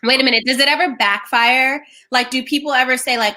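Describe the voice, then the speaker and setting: A woman's voice: a little high, fairly quick, bright, forceful tone. A woman co-hosting a casual chat, bubbly and gushing, with many "like"s. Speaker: podcast co-host.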